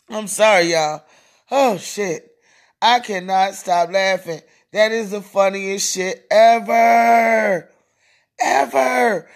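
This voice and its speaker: Solo podcast host, slow and drawn-out, cackling through a profane, mocking rant. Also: medium pitch. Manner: profane and mocking, keeps breaking into laughter.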